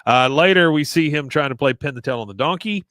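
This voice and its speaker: A man casually recapping a cartoon episode, telling it as an animated story with lots of fillers. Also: fairly high pitch, fast talker, no echo. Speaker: podcast host.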